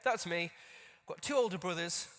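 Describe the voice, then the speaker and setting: His voice sits high and a bit bright at a normal pace as this conference speaker shares a personal story from the stage of a large hall. He keeps it conversational, poking fun at himself for the audience, and long hall reverb trails his words.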